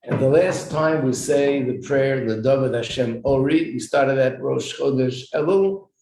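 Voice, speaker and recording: A man teaching an informal religious class in a roomy, echoing space, his voice mellow and dark. He explains step by step, clears his throat now and then, and puts questions to the group. Faint noise sits under the room echo. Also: mid-range voice, a little slow. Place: echoey room with a small class.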